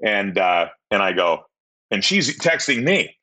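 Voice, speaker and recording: Podcast guest, male, 50s, lowish bright voice, rambling candid storyteller who repeats himself. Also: a little slow. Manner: rambling, repeats words, animated when retelling dialogue.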